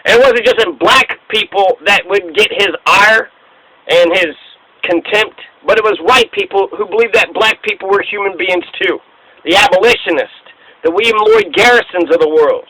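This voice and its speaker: A man's voice: high-pitched, normal speed, bright, forceful tone, no echo, low-quality recording. A man hosting a casual history talk, speaking in a profane, emphatic rant. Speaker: host.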